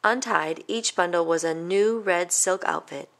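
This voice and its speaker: A woman reading a children's picture book aloud in an even, gentle storytelling manner. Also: fairly low pitch, unhurried, creaky. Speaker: storybook reader.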